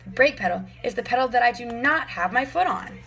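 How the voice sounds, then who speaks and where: A woman puts on a proper, flustered gentleman from a children's story, pleading politely while everything goes wrong. Her voice is gravelly, with music faintly behind. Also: fairly high pitch, lively intonation, fairly quick, pitched above the performer's own voice. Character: flustered, polite older man in a panic.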